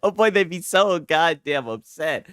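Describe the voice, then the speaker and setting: A man's voice: on the high side, expressive, unhurried, a bit bright, clear, resonant tone, no echo, studio quality. A man hosting a casual gaming livestream, mocking his audience with frequent laughter and profanity. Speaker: gaming commentary streamer.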